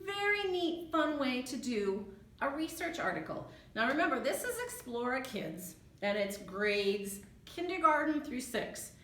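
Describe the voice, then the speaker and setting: Chatty librarian woman, lively pitch. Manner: chatty, thinking aloud while clicking. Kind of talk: screen-share tutorial. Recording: echoey room.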